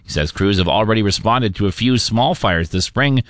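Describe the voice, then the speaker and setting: A man reads local news with steady, measured delivery. His low voice moves with a lively rise and fall. The sound is dry and close. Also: no room sound. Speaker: radio news anchor. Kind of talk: scripted newscast reading.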